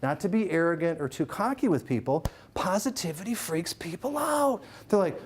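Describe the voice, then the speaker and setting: A middle-aged man giving a live motivational keynote to a room, joking and teasing the crowd with quick questions. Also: high-pitched, animated. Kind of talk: live stage talk to an audience. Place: event room with a live audience.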